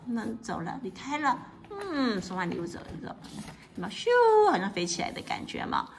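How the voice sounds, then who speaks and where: Lively woman explaining a picture book. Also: mid-range voice, quick pace, a little hiss or hum. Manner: lively, asks a child questions, mixes in English; laughs often while explaining.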